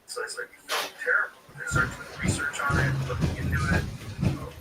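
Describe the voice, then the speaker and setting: Rambling New comedian, far and echoey. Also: male voice, medium pitch, completely flat delivery, fairly quick. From New York. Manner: loose, profane, digressive storytelling. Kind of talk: rambling casual chat. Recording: echoey and distant, loud music behind.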